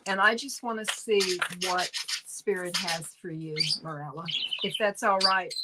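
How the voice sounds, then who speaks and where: A woman co-hosting a tarot reading stream, reading cards aloud in a gentle, unhurried way with fillers. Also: fairly low pitch, steady tone, heavy background noise. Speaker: tarot reader co-host.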